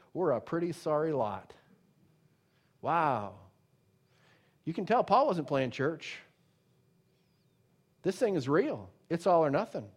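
A man preaching a sermon, emphatic and conversational, swinging between loud declarations and quiet asides. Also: high voice. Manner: emphatic preaching, rising and dropping in volume; conversational asides with many fillers. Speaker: pastor.

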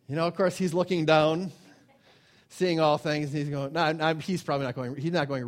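Animated man preaching a casual sermon. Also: a little high, normal speed. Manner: animated storytelling, acts out quoted voices; repeats phrases, restarts. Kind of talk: informal sermon with personal story.

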